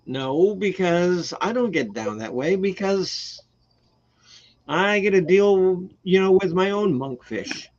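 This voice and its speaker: A man's voice: high voice, animated, takes it slowly, darkish tone. A man hosting a casual chat show, blunt and profane, reading out comments from chat. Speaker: host. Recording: dull lo-fi stream audio.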